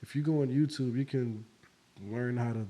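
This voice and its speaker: A man with a dark, mellow voice hosts a casual conversation. He rambles easily and fills his sentences with "you know" and "like". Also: medium pitch, moderate pace. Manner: relaxed, rambling, many fillers. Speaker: podcast host. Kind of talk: casual chat.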